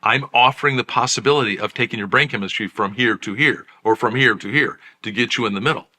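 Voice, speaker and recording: A middle-aged psychiatrist and channel host talking straight to the camera, conversational and emphatic, full of rhetorical questions. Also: male voice, medium pitch, fast talker, bright, forceful tone. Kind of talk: direct-to-camera commentary.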